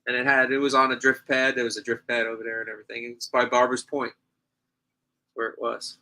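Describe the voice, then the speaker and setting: Loud, bright-voiced man from New York. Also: mid-range voice, brisk, low-quality recording. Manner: loud, animated storyteller. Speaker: guest. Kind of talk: casual chat.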